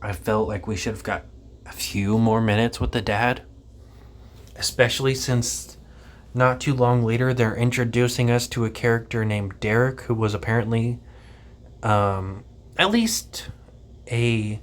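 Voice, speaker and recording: A man's voice: mid-range voice, a little slow. A man giving a casual spoken film review, rambling and offhand with plenty of ums and casual swearing. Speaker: movie reviewer.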